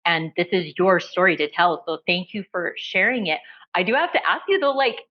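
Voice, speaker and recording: A woman's voice: fairly low pitch, expressive, moderate pace, muffled recording. A woman hosting an interview, speaking earnestly to her guest. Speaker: interview host. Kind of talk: interview conversation.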